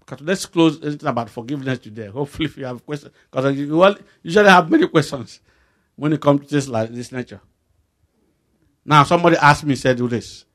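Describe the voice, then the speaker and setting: A man with a Nigerian accent preaching a sermon, his voice swinging from low and quiet to loud emphatic bursts as he acts out dialogues. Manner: acts out back-and-forth dialogues while preaching.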